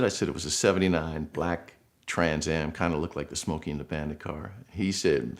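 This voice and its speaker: A man's voice: rumbling low, fairly quick, vocal fry. A middle-aged man from Buffalo, New York, earnestly telling a personal story in a casual way and acting out the people he quotes. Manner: earnest, emotional, animated quotes. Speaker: guest storyteller.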